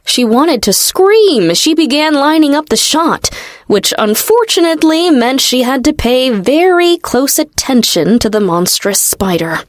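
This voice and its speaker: A woman narrating a fantasy audiobook in a steady, expressive storytelling manner. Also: high-pitched, a little slow, no room sound, studio quality. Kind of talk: scripted narration.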